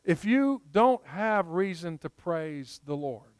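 A man preaching a sermon in a fairly high, smooth voice. He tells stories earnestly and slows down to let key points land. The sound is close and dry, with no room echo. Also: animated. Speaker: pastor.

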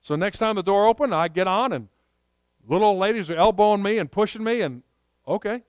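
A man preaching a sermon, telling stories in an earnest way and slowing down to stress key points. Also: high voice, clear, resonant tone, no room sound. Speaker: pastor.

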